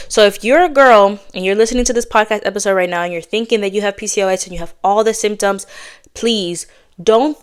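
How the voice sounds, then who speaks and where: Chatty woman podcaster, smooth voice. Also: mid-range voice. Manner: fast, chatty and blunt, with casual slang. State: slightly out of breath. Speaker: podcast host. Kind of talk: candid casual chat.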